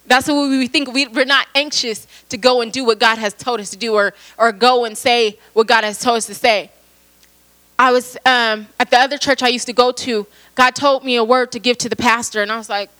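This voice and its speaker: A woman's voice: on the high side, fairly even intonation, fairly quick, pushed and bright, low-quality recording. A young adult woman preaching a sermon in an earnest way, often repeating herself and using fillers.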